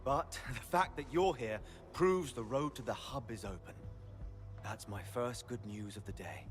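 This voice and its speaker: A man's voice: mid-range voice, measured pace, close to an everyday voice. This is a dutiful game rescue officer, voiced by a man with a mid-range voice. He speaks formally and courteously, with a wry edge. Faint music plays behind him. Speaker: game character. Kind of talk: game voice acting.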